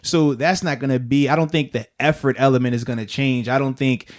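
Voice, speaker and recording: A man in his thirties co-hosting a casual sports podcast. He is animated, laughs often, and drops slang like "baby" and "bro.". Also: mid-range voice, a little fast. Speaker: podcast co-host and former player.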